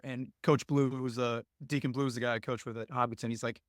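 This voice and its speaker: Young guy rambling earnestly about coaching, mid pitch, dry close mic. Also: level tone, fast talker, few pauses, no echo. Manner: earnest, rambling storytelling with many fillers. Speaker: lacrosse coach, podcast guest. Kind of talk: casual podcast conversation.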